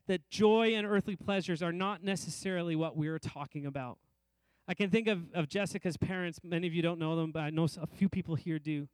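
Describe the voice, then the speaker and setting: Preaching in a smooth, fairly high voice, this middle-aged pastor leans on repetition and rhythm in his sermon. To drive home his main ideas, he lifts his pitch and slows his delivery. The recording sounds close and dry, with minimal echo from the room.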